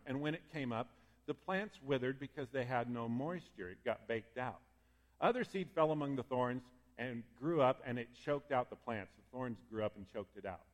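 Lively man preaching in a reverberant hall. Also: mid-range voice. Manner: lively and conversational, geeking out with asides. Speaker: pastor. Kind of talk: sermon.

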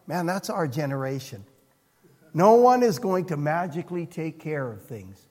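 A man preaching a sermon as pastor, earnest, moving between hushed and emphatic passages. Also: on the high side, lively intonation, moderate pace. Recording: long reverb of a hall.

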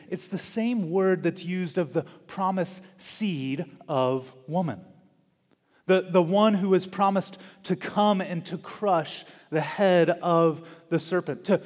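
A male pastor delivers a sermon at a very unhurried pace, letting each phrase settle before the next. His voice sits a little high for a man and rises with emphatic repetition. The church sanctuary adds a long, lingering reverb. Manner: slow, deliberate preaching with dramatic pauses and emphatic repetition.

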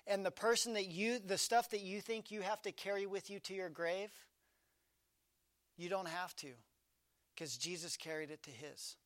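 A man preaches with a high-pitched voice, recorded close and dry with no room sound. He swings from loud, emphatic lines down to quiet, intimate ones. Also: normal speed, dry recording. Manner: dynamic preaching, swinging from loud emphasis to hushed low delivery. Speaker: pastor. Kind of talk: sermon.

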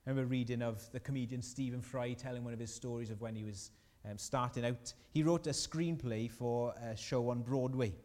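A man's voice: mid-range voice, a little fast, few pauses, a little mellow, in a large hall. A man preaching a sermon as a pastor, earnest and rising in emphasis on key lines.

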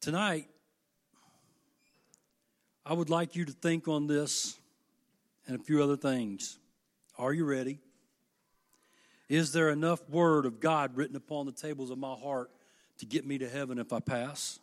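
A middle-aged man preaching a sermon, folksy and impassioned, moving between hushed asides and loud, emphatic peaks. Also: on the high side, fairly even intonation, measured pace, long pauses.

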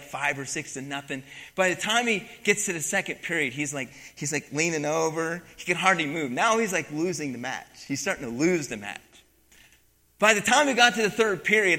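A man preaching a sermon, telling a story from his coaching days with animated emphasis and acted-out quotes. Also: a little high. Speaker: pastor and former wrestling coach. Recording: long hall reverb.

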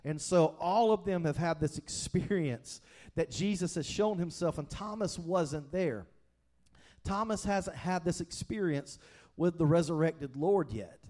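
A man's voice: fairly high pitch, unhurried, a little mellow. Earnest, conversational male pastor preaching. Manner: earnest, conversational, repeats and restarts words. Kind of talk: sermon.

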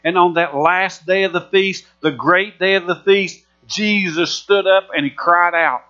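Male preacher, high bright voice, emphatic sermon delivery, muffled recording with hum. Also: measured pace. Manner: emphatic, repetitive preaching with rising fervor.

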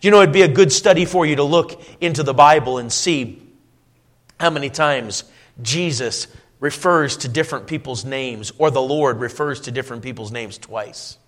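A man preaching a sermon, asking his listeners questions and dropping to a soft, low voice when he quotes scripture. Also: moderate pace. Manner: swings between loud emphatic lines and soft low quoting; asks the congregation rhetorical questions.

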